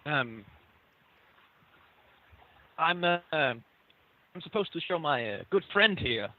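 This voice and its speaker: Guy playing a tabletop game over voice chat, slow, lots of ums, tinny phone-like sound. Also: on the high side, animated. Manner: halting, many ums. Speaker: player.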